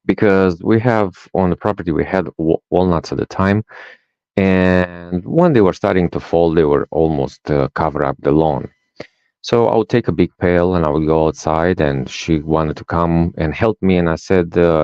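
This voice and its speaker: Deep-voiced man. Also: moderate pace, clear, resonant tone, no echo. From Romania. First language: Romanian. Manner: animated storyteller, acts out dialogue, tags lines with "right?". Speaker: guest, life coach. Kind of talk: personal storytelling in a podcast interview. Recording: dull, dry sound.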